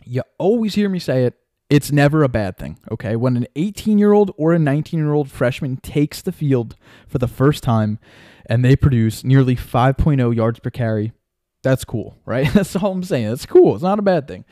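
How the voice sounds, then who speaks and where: A young man hosting a solo sports podcast, talking casually and excitedly, full of fillers and asides like "right?" and "man". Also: mid-range voice, normal speed, no room sound, clean studio sound. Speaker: podcast host.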